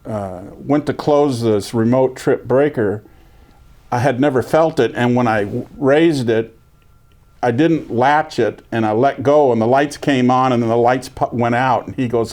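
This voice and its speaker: Older man telling a lively story. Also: medium pitch, moderate pace. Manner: lively storyteller, acts out quoted voices. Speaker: veteran interviewee. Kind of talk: oral history interview.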